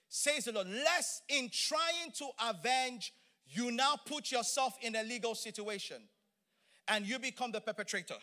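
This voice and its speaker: Middle-aged male preacher, high and bright tone, emphatic, lively sermon delivery. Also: moderate pace. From Nigeria. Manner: animated, emphatic, playful asides.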